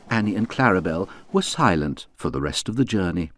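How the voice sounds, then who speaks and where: A man narrating a children's audiobook in a lively, expressive storytelling voice. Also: low voice, a little fast, a little hiss or hum.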